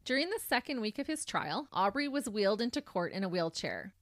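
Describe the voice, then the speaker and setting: A woman co-hosting a true crime podcast, telling the details of a case in a casual conversational way that turns animated when she reacts. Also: medium pitch, brisk, no room sound, clean studio sound. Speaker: podcast co-host.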